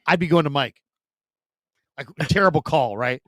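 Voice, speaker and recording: A man hosts a sports radio show in a relaxed, chatty style. His voice sits a little high for a man, and he jumps up in pitch when he imitates other people. The sound is dry and close, with no room around it. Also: moderate pace, dry recording. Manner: animated, mimics voices with big pitch jumps. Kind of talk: casual storytelling chat.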